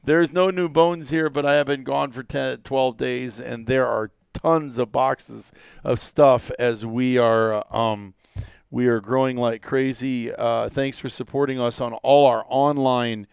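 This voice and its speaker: Animated man telling a hunting story. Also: mid-range voice, unhurried, vocal fry, clear, resonant tone, dry recording. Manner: animated storyteller, acts out dialogue, many fillers and restarts. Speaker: podcast host. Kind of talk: casual hunting podcast chat.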